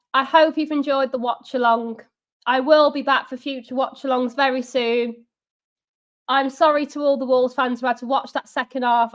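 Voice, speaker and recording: A young woman chats sarcastically through a live football watch-along stream. Her voice sits high and bright for a woman, and she talks straight to her viewers as she reads out their comments. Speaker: fan channel watch-along host.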